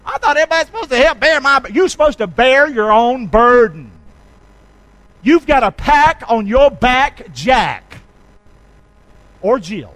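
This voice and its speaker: A male pastor preaching a sermon, leading his congregation in call-and-response and swinging from shouts to quiet asides. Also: very high voice, sing-song, unhurried, pauses often, no room sound, rough recording. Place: church sanctuary.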